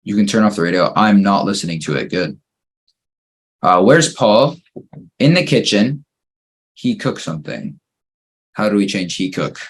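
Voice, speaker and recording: A man's voice: lowish voice, lively intonation, moderate pace, long pauses. A man teaching an English grammar lesson, patiently working through fill-in-the-blank exercises and praising each answer.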